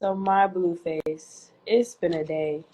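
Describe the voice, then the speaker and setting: A young adult woman, a student and podcast co-host, telling a relaxed, rambling story in casual slang. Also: fairly low pitch, takes it slowly, rough recording. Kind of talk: casual chat.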